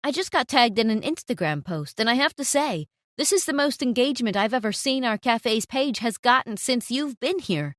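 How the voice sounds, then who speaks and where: A woman's voice: on the high side, expressive, moderate pace, few pauses, dry recording, studio quality, close to an everyday voice. A woman doing a stern male cafe owner. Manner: scolding, authoritative. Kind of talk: storytime narration.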